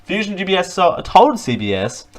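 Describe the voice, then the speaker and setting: A man's voice: high voice, sing-song, normal speed. A man hosting a live show, reading news items aloud with joking asides and frequent stumbles. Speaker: host. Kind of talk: casual news commentary read aloud.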